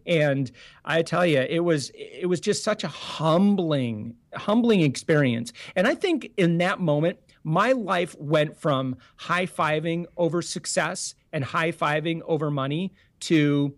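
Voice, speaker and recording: An earnest man with a fairly high voice, answering interview questions in a loose, rambling way. He restarts sentences often and leans on fillers as he talks through his story. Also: a little slow. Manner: earnest and animated, full of restarts and "you know". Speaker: podcast guest, business founder. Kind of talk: casual interview talk.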